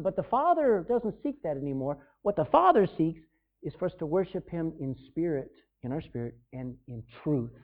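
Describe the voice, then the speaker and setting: A man preaching a sermon in a conversational way, acting out scenes in different voices. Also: high-pitched. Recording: tinny phone-like sound.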